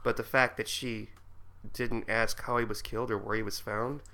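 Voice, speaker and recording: Man, podcast co-host, casual chat, bright voice, opinionated. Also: on the low side, normal speed. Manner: opinionated, animated retelling of scenes.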